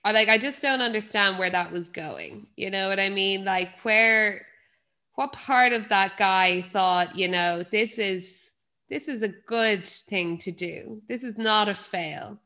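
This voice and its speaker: A young Irish woman co-hosting a casual chat podcast. Her voice is bright and forward, sitting at a middle pitch for a woman. She tells stories loosely and swears freely. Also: unhurried. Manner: chatty storyteller, swears freely. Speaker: podcast co-host.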